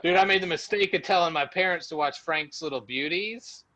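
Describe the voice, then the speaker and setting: A man co-hosting a podcast in casual chat, excitable, laughing often and swearing casually. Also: on the high side, fairly quick, no echo, poor audio. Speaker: podcast co-host.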